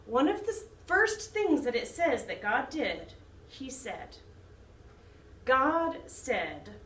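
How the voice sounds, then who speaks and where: A woman who directs a children's choir, teaching young children a lesson slowly in a sing-song way. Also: sits high, big pitch swings, a bit bright. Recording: echoey room, mic some distance off.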